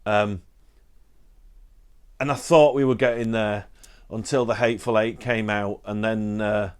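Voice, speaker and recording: Slow-talking chatty British man. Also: fairly low pitch, steady tone, clean tone. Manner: chatty, self-deprecating, rambling with restarts. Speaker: book collector vlogger. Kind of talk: casual chat to camera.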